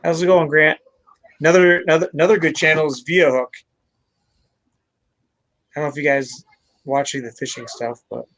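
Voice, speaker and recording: A man's voice: fairly high pitch, steady tone, moderate pace, long pauses, a bit bright, no echo, poor audio. A man hosting a live stream, chatting casually, laughing and greeting viewers by name. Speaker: channel host.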